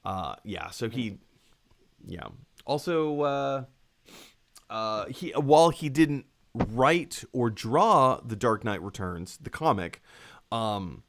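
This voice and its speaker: A man hosting a live stream, reading out viewer messages and chatting casually with lots of fillers. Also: on the low side. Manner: reads viewer messages aloud, rambling with many fillers. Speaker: podcast host.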